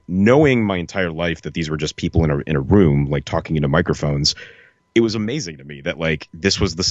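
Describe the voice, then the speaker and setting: A man's voice: low-pitched, no room sound. A man co-hosting a podcast, chatting casually and rambling with enthusiasm, full of fillers like "like" and "you know.". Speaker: podcast co-host. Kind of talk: casual chat. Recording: dull lo-fi podcast audio.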